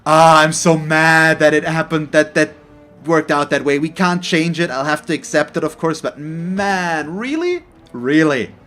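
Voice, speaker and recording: Guy doing let's play commentary, kinda high voice, salty and sighing a lot, faint game music behind. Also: little pitch movement, measured pace, sharp tone. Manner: frustrated, sighing, openly salty. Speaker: gaming channel host.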